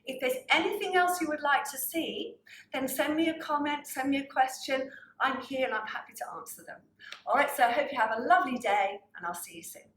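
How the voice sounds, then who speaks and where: A woman's voice: high voice, a little fast, fairly bright tone, roomy sound, poor audio. A woman teaching a pilates class, cueing breaths and counting reps while slightly out of breath. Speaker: pilates instructor. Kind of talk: guided workout instruction.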